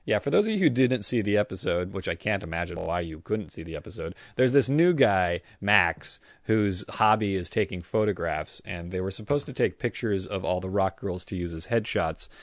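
A man's voice: deep voice, animated, normal speed, hardly any pauses, no echo, clean studio sound. A man co-hosting a podcast in casual chat, rambling with frequent stammers and restarts. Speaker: podcast co-host.

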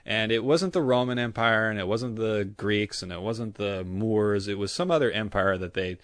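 A man co-hosting a casual podcast, sarcastic and animated, his voice leaping higher whenever a rant takes off. The sound is dry and close, with no room around it. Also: normal speed, no echo. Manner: animated ranting, voice jumps up when worked up. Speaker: podcast co-host.

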